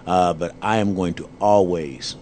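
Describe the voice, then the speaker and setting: A man co-hosting a Christian talk show, talking in an animated, emphatic, colloquial way. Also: low-pitched, a little slow, slight background noise. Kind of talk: conversational faith talk.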